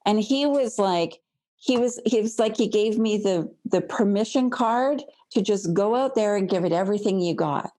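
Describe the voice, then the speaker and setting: A woman accountant talks as a podcast guest in a bold, forthright, casual way. Her pitch sits in the middle range for a woman. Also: normal speed, mellow. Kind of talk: casual interview chat.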